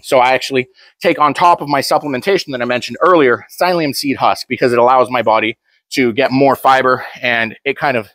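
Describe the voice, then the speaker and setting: A man's voice: medium pitch, a bit bright, no room sound. A young man talking casually to camera, blunt and joking, rambling with frequent restarts. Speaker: powerlifter vlogger.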